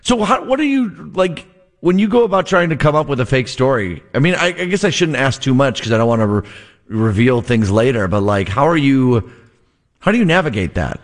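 A man's voice: mid-range voice, very animated. A man hosting a radio show as a fill-in, joking and bantering casually with his co-hosts. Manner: playful, joking, quick to laugh. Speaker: radio show host filling in.

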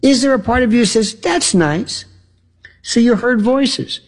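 A male radio talk host in an opinionated monologue, rhetorical and animated, acting out imagined back-and-forth dialogue. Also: extremely high pitch, a little slow.

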